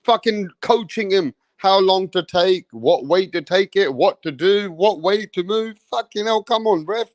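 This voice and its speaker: A man with an English accent giving a profane, comedic rant as a boxing commentator, animated and full of swearing and mocking impressions. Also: high-pitched, unhurried, few pauses, no echo.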